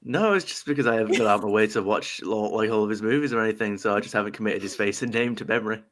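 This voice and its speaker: A man's voice: fairly low pitch, rapid-fire, a bit bright. A British man chatting casually as co-host, hesitant and often repeating himself. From Britain. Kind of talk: casual chat.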